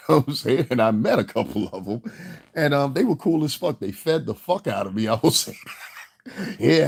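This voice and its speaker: A man's voice: on the low side, darkish tone. A man from the Northeastern US vlogging in a casual monologue, rambling and profane and chuckling often.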